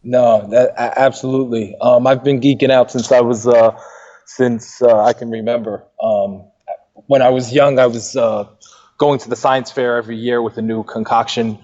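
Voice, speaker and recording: A man speaking as a guest on a podcast, relaxed and hesitant, with frequent ums. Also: medium pitch, moderate pace, dull audio. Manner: relaxed, many ums and uhs. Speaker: podcast guest, software developer. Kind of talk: casual interview chat.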